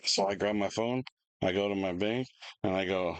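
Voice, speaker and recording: A man, co-hosting a casual chat, telling an animated, rambling story with restarts and laughs. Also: on the low side, fairly quick, clear, resonant tone, no room sound, poor audio. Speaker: podcast co-host.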